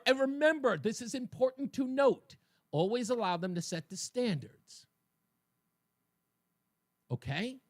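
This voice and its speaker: A man's voice: high-pitched, dry recording. A man hosting a talk radio show, delivering a colloquial opinion monologue with mocking asides into a studio microphone.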